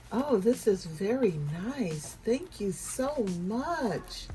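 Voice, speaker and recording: Woman vlogger, slow and lively, gushing at home, faint music bed. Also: on the high side, rough recording. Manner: gushing, breathy exclamations of delight. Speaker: unboxing vlogger. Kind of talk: casual unboxing chat. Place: at home desk.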